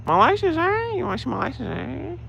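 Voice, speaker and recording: A man putting on the voice of a smug, sly rich villain who taunts with drawn-out questions. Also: very high voice, wildly swooping pitch, creaky, a bit bright, lo-fi sound, slight background noise, voice pushed up, exaggerated voice. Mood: smug taunting. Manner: drawn-out teasing questions ending in "eh".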